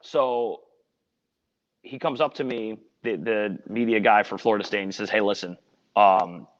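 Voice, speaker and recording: A man's voice: on the low side, a little slow. Earnest man rambling through a story. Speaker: sports radio reporter. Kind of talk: casual podcast storytelling. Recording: dull lo-fi audio with long reverb.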